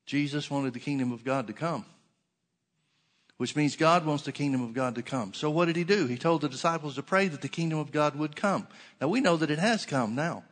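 Male preacher, earnest sermon delivery, a touch high-pitched, drawn-out scripture quotes. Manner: slows and stretches scripture quotes for emphasis; earnest, repeats key phrases.

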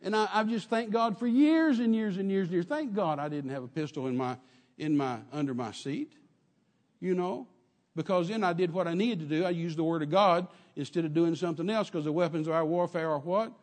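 A man's voice: sits high, brisk, a little mellow, big-room sound. An older man with a Texan accent preaching a sermon in a church, telling a story with emphatic repetition and calling out to the congregation. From Texas. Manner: emphatic storytelling, repeats phrases, calls out to congregation.

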